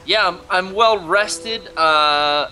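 A man's voice: sits high, extremely slow, bright, forceful tone, soft background music. A laid-back man from San Diego chatting casually on a podcast. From San Diego, California.

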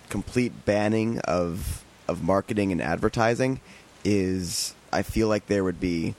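A man with a somewhat low voice talks through a film on a casual podcast. He sounds wry and incredulous, summing up the plot for the listeners. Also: a little mellow. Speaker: podcast co-host. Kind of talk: casual chat.

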